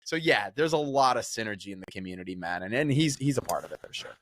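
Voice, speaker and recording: A man in his thirties, a podcast guest chatting casually and telling animated stories. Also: lowish voice, fast talker, slight background noise. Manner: animated storyteller, often slips into voices when quoting people. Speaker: podcast guest, real estate investor. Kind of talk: casual interview chat.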